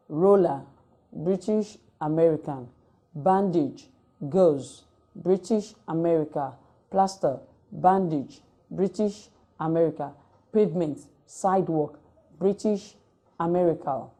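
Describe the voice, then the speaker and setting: Woman lecturer, lowish dark voice, reads item by item like dictation. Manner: reads word lists item by item in a measured, dictating way. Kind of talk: recorded distance-learning lecture.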